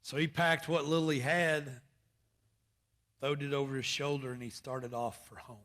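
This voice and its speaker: A male preacher telling a story in a folksy, plainspoken way. His voice is bright and fairly high for a man, and he swings between loud, rising emphasis and quiet asides. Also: steady tone, moderate pace. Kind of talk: sermon. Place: church service.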